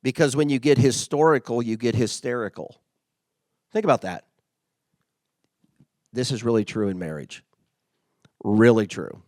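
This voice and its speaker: A man's voice: medium pitch, a little slow, pauses often, darkish tone, no echo. A middle-aged man giving a casual, conversational motivational talk as a workplace leader. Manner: conversational, acts out quoted remarks.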